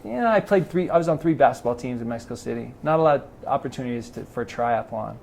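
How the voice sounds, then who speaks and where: A man's voice: medium pitch, fast talker, vocal fry, slight background noise. A middle-aged man from Los Angeles, a triathlon club president, telling stories in a casual interview and acting out the dialogue. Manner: animated storyteller acting out quoted dialogue. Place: garage.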